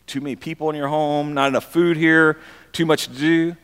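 A man preaching a conversational sermon as pastor, animated and given to repeating phrases for emphasis. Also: fairly high pitch, fairly quick, big-room sound.

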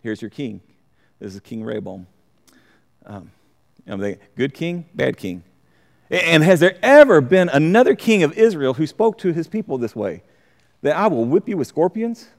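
A man with a slightly raised voice leads a Bible study, reading passages and then explaining them in a halting way, often stopping to restart his sentences. His voice rings out with a long hall reverb behind it. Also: a little high, very animated, vocal fry, a little mellow. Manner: halting, repeats words, reads scripture aloud and comments. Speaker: Bible teacher. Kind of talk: verse-by-verse Bible study teaching.

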